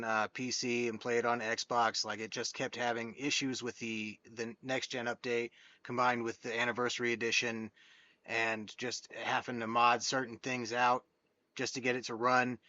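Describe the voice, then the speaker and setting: A man's voice: medium pitch, little pitch movement, normal speed, bright, forceful tone, no room sound, muffled recording. A man in his thirties hosting a gaming channel, giving a chatty, candid game review monologue. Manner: chatty and candid, with many fillers and restarts.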